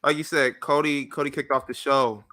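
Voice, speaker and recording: A man's voice: mid-range voice, fairly even intonation, moderate pace, a loud crowd. A man co-hosting a podcast, recapping a show in rambling, filler-heavy casual talk. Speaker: podcast co-host.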